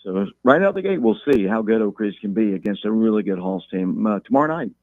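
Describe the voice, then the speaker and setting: A man calling in as a guest, talking football in a measured way and repeating words as he thinks. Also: fairly low pitch, expressive, no room sound. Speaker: guest talking local high school football. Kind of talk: phone-in interview. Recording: tinny phone line.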